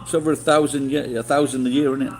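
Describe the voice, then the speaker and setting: A man's voice: medium pitch, level tone, fast. Rambling, swearing man. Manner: rambling, swearing, many restarts and fillers. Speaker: livestreamer. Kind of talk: casual storytelling to chat.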